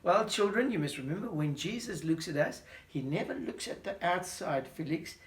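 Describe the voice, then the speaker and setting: Brief: a storyteller man retelling a Bible tale for kids, animated, asks questions, roomy sound. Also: high voice, normal speed. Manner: animated, questioning, talks to a listener. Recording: roomy echo.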